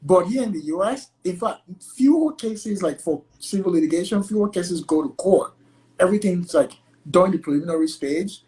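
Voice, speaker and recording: A chatty man from Nigeria talks through his work as a guest attorney, peppering nearly every phrase with "like." His tone is loose and conversational, and he slips into lively voices when acting out exchanges. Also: high voice, fairly quick, poor audio. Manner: chatty, heavy use of "like" as filler. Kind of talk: casual conversational interview.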